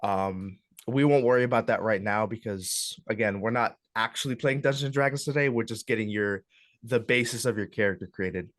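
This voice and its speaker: A young man with a fairly low voice talks a classroom group through options in a loose, unhurried manner, filling pauses with ums and uhs. The sound is close and dry, with little room around it. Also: dry recording. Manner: relaxed, hesitant, lots of ums and uhs. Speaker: club workshop instructor. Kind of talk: casual classroom walkthrough.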